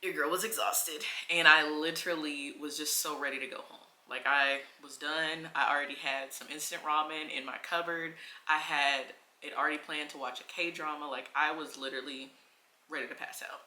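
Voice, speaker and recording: Chatty, bright-voiced woman telling a story. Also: low voice, moderate pace, roomy sound. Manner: chatty, animated, heavy filler words. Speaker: travel vlogger. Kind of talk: casual storytelling to camera.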